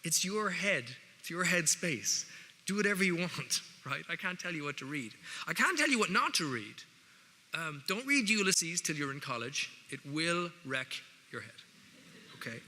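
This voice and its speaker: This Irish guest speaker talks to a hall full of students at a moderate pace, his sharp, highish voice swinging widely in pitch. His manner is dry and conversational, broken up by humorous asides. Echo from the big room and faint noise colour the recording.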